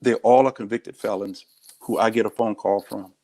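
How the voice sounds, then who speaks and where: A man's voice: on the low side, fairly even intonation, normal speed, warm tone. A man, a sheriff speaking as an interview guest, telling stories in a direct, earnest way. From United States. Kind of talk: candid interview talk.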